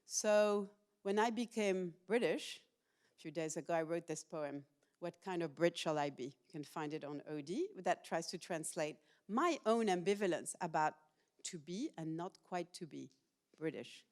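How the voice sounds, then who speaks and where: Middle-aged woman giving an animated lecture. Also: on the low side, normal speed. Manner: animated and personal, asks the audience questions. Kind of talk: public university lecture. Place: lecture hall with a student audience.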